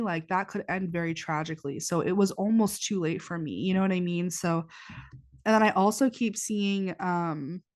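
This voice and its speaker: A twenty-year-old woman hosts her own podcast, her voice sitting a little low for her age and stuffy after crying. She rambles in a loose, confessional way, often restarting her sentences and leaning on "like" as she goes. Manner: rambling, heavy use of "like", frequent restarts. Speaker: podcast host. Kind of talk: casual confessional chat. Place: indoors, warm room.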